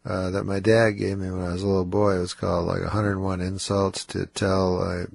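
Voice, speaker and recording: A man's voice: low-pitched, little pitch movement, a little fast, creaky, no room sound. A congested man with a nasal, slurring voice, mumbling through a radio studio interview as a comedian guest. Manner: mumbling, self-deprecating, laughs often. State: congested and slurring from cold medicine. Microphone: studio microphone.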